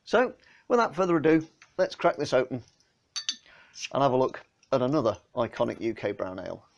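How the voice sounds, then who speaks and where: A man's voice: mid-range voice, sing-song, brisk, vocal fry, muffled recording. A man from England chatting casually through a beer tasting, filmed on his phone, with a homely manner and lots of fillers. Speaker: beer vlogger. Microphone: phone camera.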